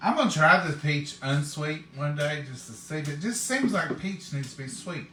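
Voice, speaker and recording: A man's voice: a little high, lively intonation, moderate pace, pushed and bright, reverberant, slight background noise. A man, hosting a live cooking stream and chatting with viewers in a homey, folksy way. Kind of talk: casual chat to viewers.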